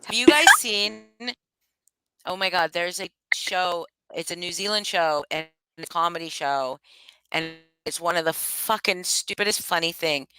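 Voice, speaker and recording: A woman's voice: fairly low pitch, normal speed, background noise. A tired woman chatting casually on a livestream, swearing freely and laughing at herself. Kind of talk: casual chat.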